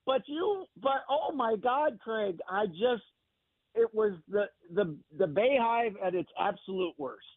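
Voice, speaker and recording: A man's voice: high voice, lively intonation, a little slow, dry recording. A man, a sports journalist guest on a radio show, ranting with passion and sarcasm while calling in by phone. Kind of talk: opinionated radio commentary. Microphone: phone call into radio show. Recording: tinny phone line.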